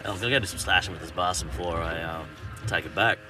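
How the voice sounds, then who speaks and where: A man's voice: low-pitched, quick pace, far from the mic, music in the background. A man, a podcast guest, telling a story in casual, swearing, laughing chat. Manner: swearing, laughing, animated retelling.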